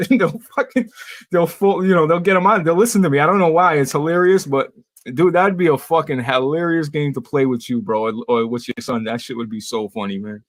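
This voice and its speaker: A man with a voice on the high side hosts a casual podcast chat and also streams. He swears freely and tells quick, self-deprecating stories about himself. The recording is studio quality with no room sound.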